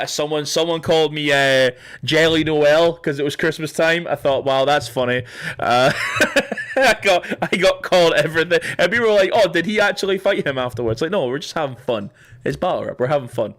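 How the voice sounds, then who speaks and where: A man's voice: a little high, lively intonation, a little fast, a bit bright. Rambling man streaming. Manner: rambling, swearing, laughing often. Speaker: livestream host. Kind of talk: casual livestream chat.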